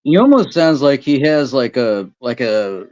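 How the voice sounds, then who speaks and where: A man's voice: medium pitch, big pitch swings, a little mellow, highs cut off. A man co-hosting a casual chat, talking hesitantly and restarting his sentences. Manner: hesitant, halting speech.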